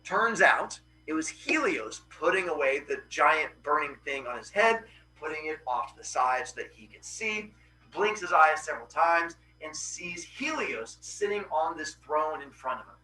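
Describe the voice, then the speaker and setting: Animated man telling a myth casually. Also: a little high, moderate pace, echoey room, distant mic, soft background music, poor audio. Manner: animated, jokey, with playful asides. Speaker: podcast host.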